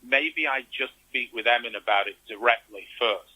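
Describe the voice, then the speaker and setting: A man's voice: medium pitch, normal speed, pushed and bright, low-quality recording. A man telling his story as an interview guest, animatedly acting out the reactions he quotes. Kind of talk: conversational interview.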